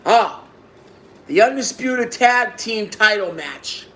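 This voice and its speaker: A man giving a casual video review of a wrestling show, excitable, repeating himself and bursting into exclamations. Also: sits high, slow, slight background noise.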